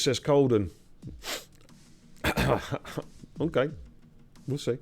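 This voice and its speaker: A man hosts a live sim-racing stream in a relaxed, chatty way. His pitch sits in an ordinary middle range, and he teases the drivers with easy banter. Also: moderate pace. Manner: teasing, jokey banter with drivers. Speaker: race league host. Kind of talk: casual live-stream commentary.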